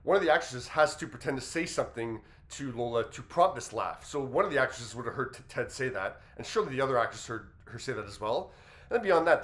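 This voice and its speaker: A man hosting an entertainment news commentary, reasoning aloud in a measured way as he weighs a story. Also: mid-range voice, fairly bright tone. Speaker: commentary host.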